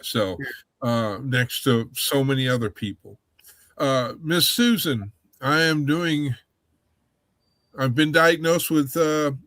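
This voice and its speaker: Slow, rambling man on a livestream. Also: medium pitch, a bit bright, dry recording. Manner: rambling, halting restarts. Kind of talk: casual livestream chat.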